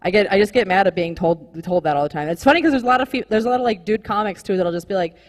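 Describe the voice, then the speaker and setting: A young woman performing a live stand-up comedy set, rambling and animated, full of "like" fillers. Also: mid-range voice, rapid-fire, long reverb tail. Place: comedy club stage with live audience.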